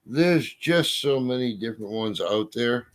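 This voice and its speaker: A man's voice: medium pitch, lively intonation, unhurried. Folksy storytelling man. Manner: folksy storyteller, drawling, swears mildly. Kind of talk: casual chat.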